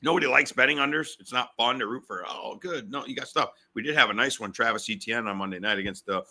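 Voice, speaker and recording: A middle-aged man hosting a sports betting podcast, talking fast and fired up, repeating himself. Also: mid-range voice, pushed and bright.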